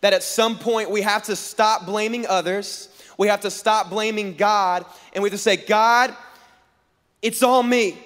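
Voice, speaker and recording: High-voiced preacher in a reverberant hall. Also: male voice, normal speed, hardly any pauses. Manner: animated, acts out dialogue in voices, jokes with the crowd. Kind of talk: sermon with comic storytelling. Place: large hall with a live audience on stage.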